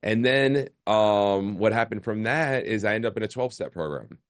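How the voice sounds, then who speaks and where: A man's voice: on the low side, moderate pace, no room sound. A man in his forties, a podcast guest, telling his life story in a casual, candid way and often repeating words. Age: 40s. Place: remote call.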